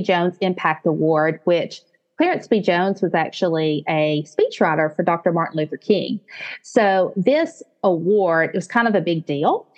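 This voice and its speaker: A woman's voice: on the low side, muffled recording. A woman in her late forties with a Southern US accent, telling her story as a podcast guest. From American South. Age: 40s. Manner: warm storytelling, animated, quotes her own thoughts. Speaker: guest, business founder. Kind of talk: podcast interview.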